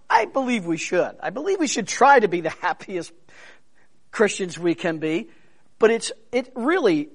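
A pastor with a high voice preaches a sermon in a conversational way. He swings between quiet, soft-spoken stretches and louder, emphatic bursts, dropping humorous asides along the way.

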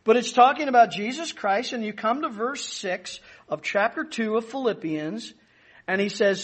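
A man's voice: high voice, animated, moderate pace, breathy edge. A man preaching a sermon as pastor, teaching emphatically and stressing key words.

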